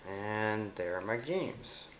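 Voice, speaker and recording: A fairly low-voiced man with a Southern US accent walks through a phone app in a relaxed, explanatory way. He pauses to say voice commands slowly and deliberately. The recording has a roomy echo. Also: a little hiss or hum. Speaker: app demonstrator. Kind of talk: casual screen demo narration.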